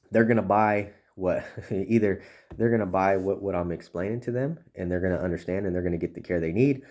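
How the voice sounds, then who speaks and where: A man's voice: deep voice, mellow. A man talking casually and earnestly to fellow chiropractors, coaching them, often restarting and saying "you know". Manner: earnest, repeats words, many "you know" fillers. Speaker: chiropractic consultant.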